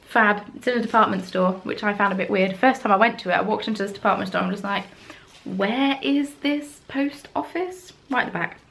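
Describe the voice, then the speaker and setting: A woman's voice: medium pitch, creaky, a bit bright. A young woman in her twenties, rambling chattily to camera in a self-deprecating home craft vlog. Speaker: craft vlogger. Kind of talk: casual chat to camera. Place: at home, indoors.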